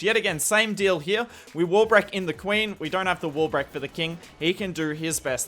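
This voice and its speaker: A man's voice: high-pitched, sharp tone. A man with an Australian accent giving enthusiastic, explanatory commentary over strategy gameplay footage. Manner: enthusiastic, explanatory, self-deprecating. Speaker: gaming commentator.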